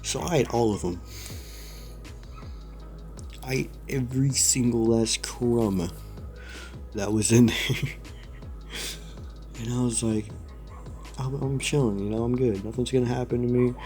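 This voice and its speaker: A young man rambles through a casual vlog story, laughing as he goes and throwing in "dude" constantly. His voice is mellow and sits in a middle pitch. Faint music plays underneath. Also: measured pace, long pauses. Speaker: vlogger.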